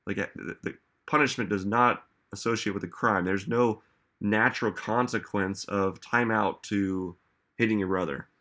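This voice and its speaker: Male motivational speaker, slightly low voice, relaxed talk that turns emphatic with questions to the audience. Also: normal speed. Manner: conversational, frequent "like" and "right?". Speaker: self-help speaker.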